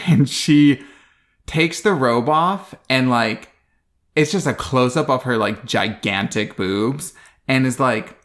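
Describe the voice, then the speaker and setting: A man's voice: mid-range voice, takes it slowly, a bit bright. A man co-hosting a podcast, recapping a bad movie in a casual, dry, sarcastic way. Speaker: podcast co-host.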